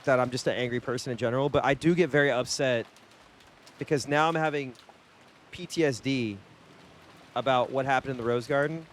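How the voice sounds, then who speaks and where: A man's voice: medium pitch, fairly even intonation, a little fast, long pauses, a little hiss or hum. A male streamer playing a game live, reading the narration aloud and reacting with exasperated swearing.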